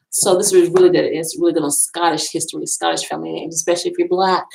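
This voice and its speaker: Gravelly, chatty woman in a library. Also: lowish voice, steady tone, brisk, a little hiss or hum, low-quality recording. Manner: chatty, rambling, repeats herself. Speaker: vlogger. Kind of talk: casual talk showing books. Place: college library.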